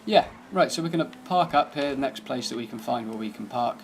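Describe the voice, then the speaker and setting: A man's voice: mid-range voice, expressive, a little fast, a little hiss or hum. A man giving casual, laid-back commentary over gameplay, thinking aloud as he drives and tests a car. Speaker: gaming channel host.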